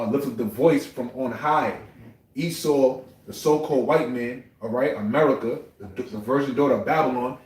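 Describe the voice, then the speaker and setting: Male class member, earnest expounding, distant mic, room echo. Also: mid-range voice. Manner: emphatic, checks in with "all right" and "okay". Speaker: Bible class participant. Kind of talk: earnest Bible discussion. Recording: echoey room from far off.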